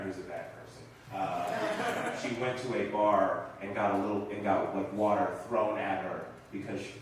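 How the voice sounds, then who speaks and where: A young man doing a stand-up set in a small comedy theater, animated and loud when he acts out lines to the crowd. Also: mid-range voice, heavy reverb, far from the mic, slight background noise, poor audio.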